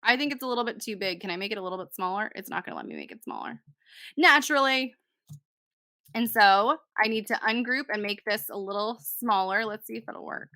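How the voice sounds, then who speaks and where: Woman, young tutorial host, casual, thinks aloud, bright tone, dry close mic. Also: mid-range voice, a little fast, no room sound. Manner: chatty, talks to herself while working, self-deprecating. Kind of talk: casual screen-recorded software tutorial.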